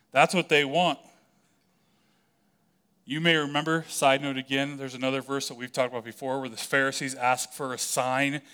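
A man preaches with a bright, forward voice that sits at a middle pitch. He talks conversationally and with animation, and he slips into the voices of the people in his story. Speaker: pastor. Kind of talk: sermon.

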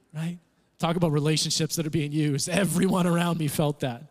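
A man preaching a sermon, telling stories with acted-out quotes in an animated, conversational way. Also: a little high, fairly quick. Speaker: pastor. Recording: reverberant church hall.

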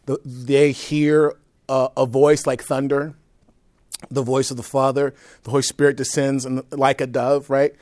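A male priest teaching a group in a conversational way, often checking in with "right?" and dropping between loud emphasis and soft, low asides. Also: flat delivery, measured pace. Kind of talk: teaching talk to a live group.

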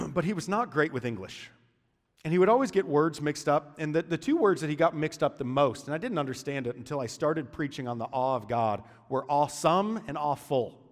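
A man's voice: a little high, animated, fairly quick, long reverb tail. A man preaching a sermon in a conversational way, with joking asides between points. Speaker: pastor.

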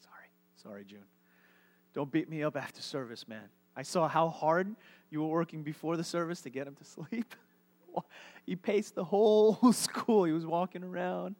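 A man preaching a live sermon to a church congregation as pastor, in a conversational style with halting, repeated words. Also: on the high side, darkish tone.

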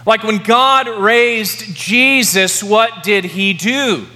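A man preaching a sermon as pastor, emphatic, repeating key words slowly for effect. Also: sits high, pushed and bright. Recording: long reverb of a large hall.

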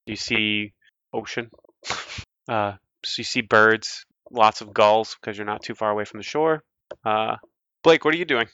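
Guy running a tabletop game, bright crisp voice, rambly. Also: on the low side, steady tone, moderate pace, no echo, dull audio. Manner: casual, rambling with fillers. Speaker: game master.

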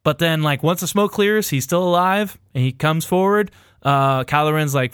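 Guy rambling through a movie plot, swears a lot, smooth clear voice, dry sound. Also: fairly high pitch, normal speed, a bit bright, no room sound. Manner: rambling, irreverent, laughs often. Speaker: podcast host recapping a film. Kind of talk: casual profane chat.

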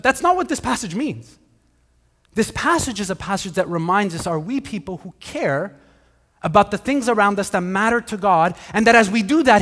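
High-voiced pastor in a reverberant hall. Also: male voice. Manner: conversational, animated with repeated restarts. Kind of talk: sermon.

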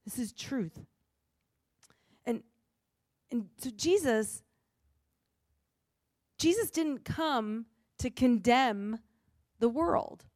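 A woman pastor preaching a sermon in an earnest, emphatic way with pauses. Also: on the high side, lively intonation, darkish tone, no room sound, studio quality.

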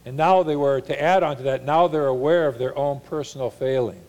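A man's voice: medium pitch, a little fast, a little mellow. Earnest male pastor preaching a sermon. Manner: earnest, shifts into mock voices for paraphrase.

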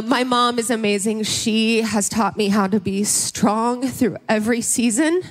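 A young woman from Ohio speaking to a church congregation, emotional and laughing, often close to tears. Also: mid-range voice. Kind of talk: Mother's Day church talk. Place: large church hall. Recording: long reverb of a hall.

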